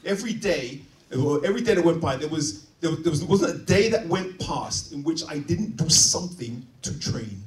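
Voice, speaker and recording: A man preaching a sermon, dynamic, swinging from quiet asides to loud emphatic points. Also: a little high, lively intonation, normal speed, hardly any pauses, recorded from a distance. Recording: roomy, from off-mic.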